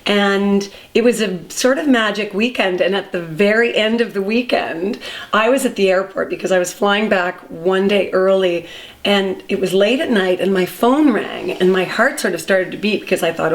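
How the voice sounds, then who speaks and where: A woman hosting an interview show, telling stories in a casual, animated way. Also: mid-range voice, normal speed. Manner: warm storytelling, animated quoting. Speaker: podcast host.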